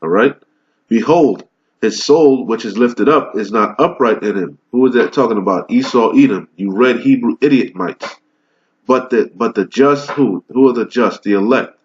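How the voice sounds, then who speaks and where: Man preaching with rhetorical questions, lo-fi. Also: mid-range voice. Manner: asks rhetorical questions and answers them himself; reads old scripture slowly and deliberately. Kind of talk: fiery scripture teaching. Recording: dull lo-fi recording.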